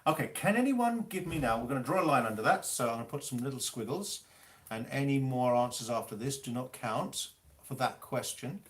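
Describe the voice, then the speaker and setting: A man teaching music, hosting a live online quiz, reading out Italian terms slowly and teasing players about their spelling and the rules. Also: mid-range voice, expressive.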